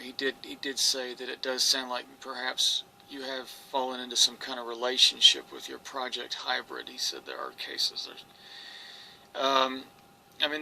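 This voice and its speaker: Man, gravelly, bright forceful tone, rambling earnest monologue, faint hiss behind. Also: mid-range voice, low-quality recording. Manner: earnest, rambling, with restarts and quoted dialogue. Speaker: experiencer recounting his story. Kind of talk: personal monologue to camera.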